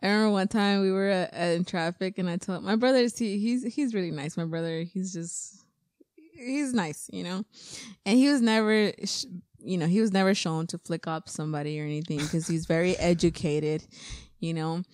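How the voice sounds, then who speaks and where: A young woman co-hosting a casual podcast chat, telling stories with lively mimicry. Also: lowish voice, moderate pace, dry recording, clean studio sound. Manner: animated storyteller, mimics people with loud laughing outbursts. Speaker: podcast co-host.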